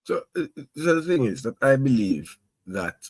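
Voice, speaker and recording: A man chats about football, stammering and restarting as he works through his thoughts. The recording is dry and close, with no room sound around his middle-pitched voice. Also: big pitch swings, moderate pace, darkish tone, no echo. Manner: stammering, conversational. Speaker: podcast co-host. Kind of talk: casual football chat.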